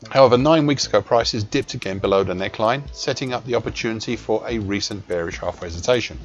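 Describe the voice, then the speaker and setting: Low-pitched male analyst, measured, precise, scripted market commentary, muffled lo-fi sound with faint music underneath. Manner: measured and precise, with small self-corrections. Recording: dull lo-fi recording with faint music.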